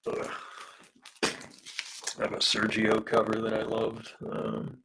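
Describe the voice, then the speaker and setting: Hoarse male artist on a live stream, deep and gravelly, rambling, filler-heavy chat. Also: very animated, takes it slowly, a bit bright, a little hiss or hum, low-quality recording. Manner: rambling, hesitant, many fillers, reads out viewer comments. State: losing his voice from smoke. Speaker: comic artist streaming a live drawing session. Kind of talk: casual live-stream chat while drawing.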